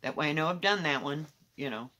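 A woman casually showing her cross-stitch projects at home, rambling candidly with soft muttered asides. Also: sits low, a little fast, noisy background. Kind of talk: casual show-and-tell chat.

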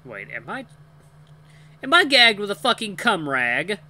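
A man voicing a terrified young captive who cries out in a high, squeaky voice. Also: wildly swooping pitch, moderate pace, fairly bright tone, heavily acted. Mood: shocked. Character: frightened young human captive, panicked.

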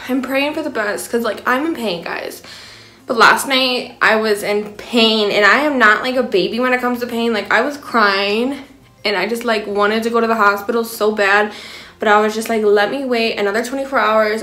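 A woman's voice: fairly high pitch, a bit bright, roomy sound. A young woman talking casually to her phone camera at home, chatty and upbeat, with lots of fillers. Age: young adult. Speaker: vlogger, young mother. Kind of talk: casual vlog chat. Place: home indoors.

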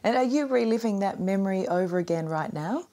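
A woman's voice: mid-range voice, expressive, brisk, dark tone. An Australian woman TV interviewer asking direct questions.

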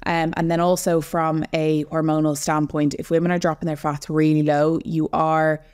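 Earnest woman fitness coach, lowish voice. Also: little pitch movement, moderate pace, a little mellow, smooth. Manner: earnest, explanatory, speaks to women listeners directly. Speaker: podcast guest, online fitness coach. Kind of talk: casual podcast conversation.

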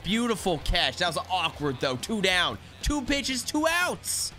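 A man's voice: sits high, measured pace, faint music behind. Young guy hyped up narrating his ranked baseball game, really bouncy voice, chatting at his players. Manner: excitable, talks to the players on screen. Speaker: gaming YouTuber. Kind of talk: live gameplay commentary.

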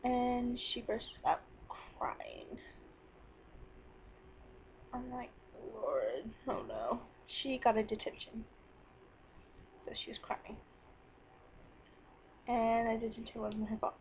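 A woman's voice: a little high, flat delivery, takes it slowly, long pauses, highs cut off, a little hiss or hum. A teenage girl venting about her day in a rambling, sarcastic personal vlog. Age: teens. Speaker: vlogger.

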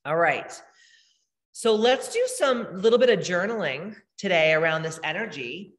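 A woman's voice: lowish voice, expressive, moderate pace, big-room sound. A woman spiritual healer hosting a live meditation, talking casually and bluntly with lots of swearing as she reads chat comments. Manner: blunt, profane, emphatic.

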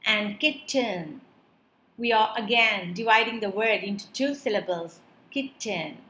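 A woman teaching a beginner lesson, speaking slowly and clearly and drawing out each word to show its parts. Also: medium pitch, steady tone, sharp tone, echoey room. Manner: slow, clear, drawn-out word-by-word pronunciation. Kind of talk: children's lesson narration.

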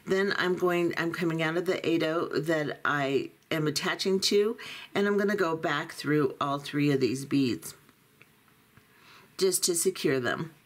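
A woman teaching a beading tutorial, calmly talking through each step as she works. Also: deep voice, unhurried. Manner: calm, methodical, talks through each step. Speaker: beading instructor.

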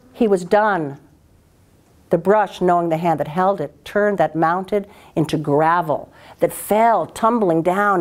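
Expressive woman telling a folktale. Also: medium pitch. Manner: dramatic, expressive, with sound effects. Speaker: storyteller.

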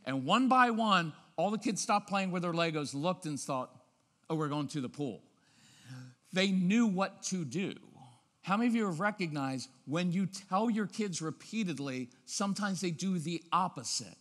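A man giving a lively talk on parenting, often acting out parents' voices and checking with the audience. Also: high voice, moderate pace. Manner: lively, acts out parents' voices, keeps asking "right?". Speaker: parenting speaker. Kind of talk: animated seminar talk. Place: church auditorium. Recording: long reverb of a large hall.

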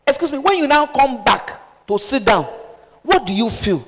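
A woman's voice: high voice, very animated, moderate pace. Impassioned Nigerian woman preaching in a reverberant hall. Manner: impassioned, pleading, swings from loud exhortation to hushed appeals. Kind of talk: sermon.

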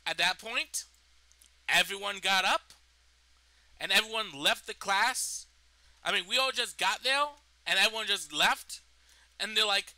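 Bright, lively young man telling a story. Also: sits high, takes it slowly, long pauses, dry recording, low-quality recording. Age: young adult. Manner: indignant, profane retelling of events. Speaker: vlogger. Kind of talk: storytelling vlog.

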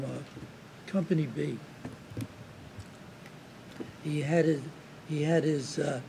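A man in his seventies being interviewed as a war veteran, recounting his memories in a halting way, with restarts and repeated words. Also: a little high, gravelly, warm tone, a little hiss or hum, rough recording. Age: 70s.

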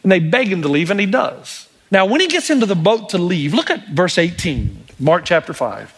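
High-voiced male pastor preaching. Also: normal speed, husky. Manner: animated storytelling, acts out quotes. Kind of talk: sermon.

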